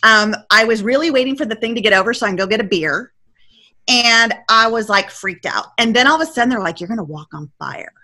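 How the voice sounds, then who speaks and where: A woman's voice: on the high side, quick pace. A woman in her forties, a podcast guest, telling her story casually and acting out her own panicked quotes. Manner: animated, acts out her past self's panicked quotes.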